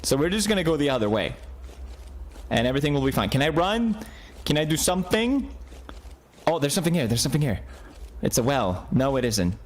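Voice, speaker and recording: A man in his thirties playing a horror game on video, joking along and jumping into high yelps whenever he gets scared. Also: sing-song, a little fast. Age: 30s. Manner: jumpy, jokey, bursts into high yelps when scared. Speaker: gaming video host. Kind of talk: horror game play commentary.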